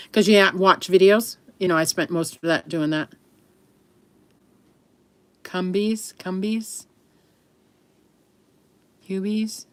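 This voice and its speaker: A middle-aged livestream host from the US East Coast chats casually in a low-pitched voice, rambling along with frequent laughs and self-corrections. The recording has no room sound.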